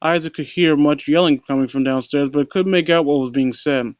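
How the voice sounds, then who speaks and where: A slightly fast, higher-pitched male voice, captured dry on a close home microphone, reads out a horror tale. Playing both narrator and critic, he fumbles and restarts frequently, mocking the story with snide remarks along the way.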